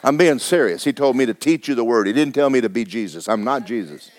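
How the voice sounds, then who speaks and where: Preacher guy telling a story, gets loud and excited, lively voice. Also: quick pace. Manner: animated storytelling, bursts into loud high-pitched shouting. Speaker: pastor. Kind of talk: sermon.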